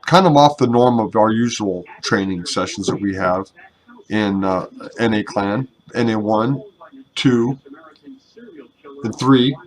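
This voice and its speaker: Young man, slightly low voice, casual gameplay commentary, rambling, self-deprecating, swears, headset mic. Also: takes it slowly, poor audio. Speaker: gaming YouTuber and clan member.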